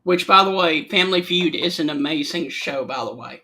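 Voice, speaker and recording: A man co-hosting a casual sports show, slowly steering the talk with trivia questions. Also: fairly high pitch, pushed and bright, low-quality recording. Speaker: co-host. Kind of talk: casual chat.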